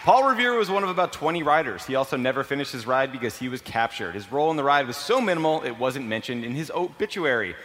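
A man delivers facts as a panelist in a dry, matter-of-fact way. His voice is bright and lively in pitch, set in a reverberant hall with a faint crowd. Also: fast, hardly any pauses. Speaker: comedy panelist. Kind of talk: comic storytelling.

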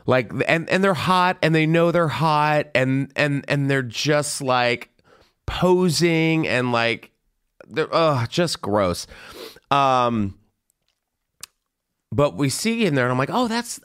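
A young man telling a story in a casual podcast chat, animated and gossipy, jumping into high squealing voices when he quotes people. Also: clear, resonant tone. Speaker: podcast host.

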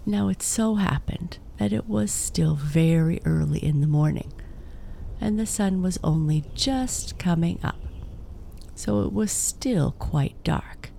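A woman narrating a children's storybook in a slow, soft-spoken manner that sinks to whispers. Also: on the low side, creaky.

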